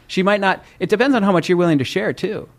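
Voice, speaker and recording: A man in his late thirties from the American Midwest, chatting casually and upbeat, quick to laugh. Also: sits high. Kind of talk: casual chat.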